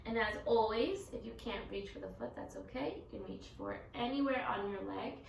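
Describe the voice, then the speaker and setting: A young woman teaching a children's yoga class, giving gentle, encouraging instructions. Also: a little high, moderate pace, creaky, a little hiss or hum. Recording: echoey room, mic at a distance.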